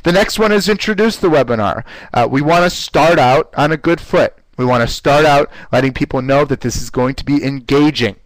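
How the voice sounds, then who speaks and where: A man teaching a live online class on running webinars, speaking in an energetic coaching manner and often repeating words as he goes. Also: on the high side, a little fast, no echo, rough recording. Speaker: webinar instructor.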